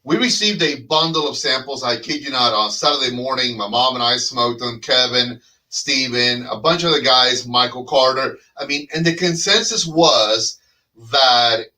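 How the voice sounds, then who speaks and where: A male host chatting on a live show, animated and joking with rambling sales patter. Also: mid-range voice, normal speed, distant mic, low-quality recording. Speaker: host and cigar brand representative. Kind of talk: live casual chat show.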